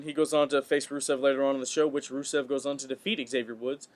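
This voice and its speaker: A man's voice: mid-range voice, little pitch movement, quick pace. A man co-hosting a podcast, chatting casually about wrestling, often stumbling and repeating words as he goes. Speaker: podcast co-host.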